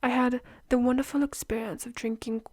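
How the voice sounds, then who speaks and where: A woman voicing a delighted coffee reviewer in a put-on accent, softly spoken. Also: on the high side, level tone, moderate pace. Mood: gushing.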